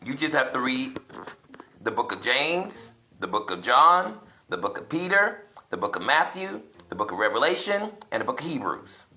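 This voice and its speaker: A man gives a casual home teaching session, thinking aloud and rambling, and he turns emphatic as he goes. His voice is bright and forward. The room around him is echoey. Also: medium pitch, very animated, moderate pace, a little hiss or hum. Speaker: self-styled religious teacher. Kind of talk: casual video teaching while browsing apps.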